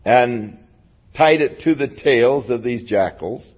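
A man's voice: mid-range voice, lively intonation, takes it slowly, dull audio. A man teaching a Bible lesson as a folksy, conversational retelling. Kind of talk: casual Bible lesson storytelling.

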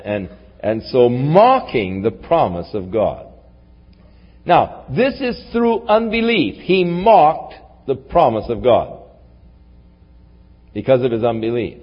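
A man preaching a sermon, swinging from raised, emphatic lines down to low, quiet asides. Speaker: pastor. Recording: dull lo-fi recording in a large reverberant hall.

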